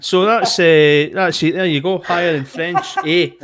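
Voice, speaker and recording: A man's voice: sits high, a little slow, a crowd in the background. A man with a Glaswegian accent, co-hosting a web show in casual banter and telling anecdotes with plenty of swearing. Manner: swearing, chatty storyteller.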